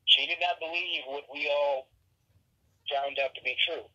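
A man calling in by phone as a friend, chatting casually in an animated way and laughing easily. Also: a little high, moderate pace. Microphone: phone on speaker. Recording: muffled phone speaker.

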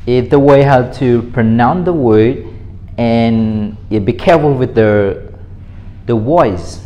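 A man's voice: medium pitch, mellow. A man with a Cambodian accent teaching an online English pronunciation lesson, patient and repetitive, with non-native phrasing.

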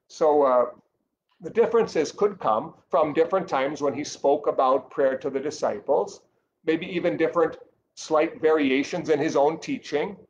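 A man giving a catechesis lesson in an earnest, explanatory way, pausing and restarting often as he thinks aloud. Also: a little high, lo-fi sound, a little hiss or hum. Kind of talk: catechesis teaching.

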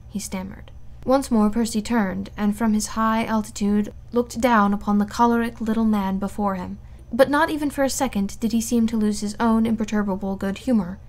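A woman reading a classic novel aloud in a steady, even narration. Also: mid-range voice. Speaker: audiobook reader.

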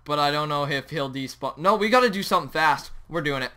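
A young man hosting a Minecraft let's play, talking excitedly over his gameplay and yelping at sudden moments. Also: fairly high pitch, fast talker. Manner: excitable, yelps and shouts at the game. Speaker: gaming channel host.

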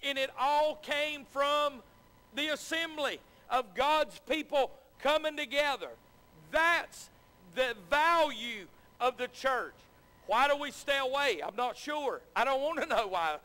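A middle-aged man preaches in a high, ringing voice. His words come in earnest, repeated phrases punctuated by amens. The sound trails off into the long echo of a church hall. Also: slow, sharp tone. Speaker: pastor. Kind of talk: sermon. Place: church sanctuary.

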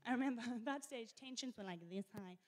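A woman, a pastor's daughter, telling a story in church in an animated way and laughing often. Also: a little high, fast, heavy background noise. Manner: animated, laughing as she tells it. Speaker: guest speaker, pastor's daughter.

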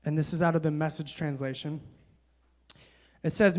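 A young man preaching at a young adults service, moving between quiet reading and loud, emphatic exhortation, with casual fillers when he tells a story. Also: on the high side, steady tone, normal speed. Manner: casual, many fillers when telling stories. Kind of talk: sermon.

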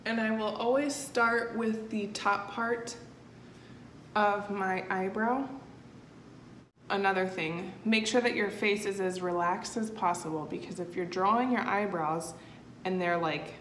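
A woman's voice: medium pitch, measured pace, fairly bright tone. A woman talking through a step-by-step tutorial in a chatty, easygoing way, with frequent fillers. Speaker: makeup tutorial host. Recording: echoey room with faint noise.

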